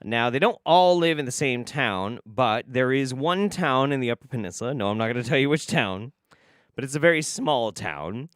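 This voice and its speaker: Animated, swearing livestream host. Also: male voice, mid-range voice, clean tone, dry recording, clean studio sound. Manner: animated, profane, laughs often. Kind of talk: casual livestream chat.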